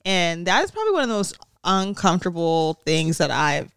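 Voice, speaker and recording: A woman's voice: fairly low pitch, very animated, brisk, creaky, a bit bright, clear, resonant tone, dry recording, clean studio sound. A pregnant young woman co-hosting a podcast, chatting candidly about her week and laughing often. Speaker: podcast co-host. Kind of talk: casual chat.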